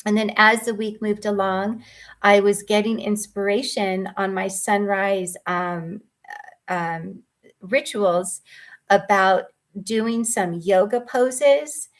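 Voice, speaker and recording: Woman, mindfulness coach, gentle earnest storytelling, middle pitch, ums and restarts. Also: steady tone, slow pace. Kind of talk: personal storytelling.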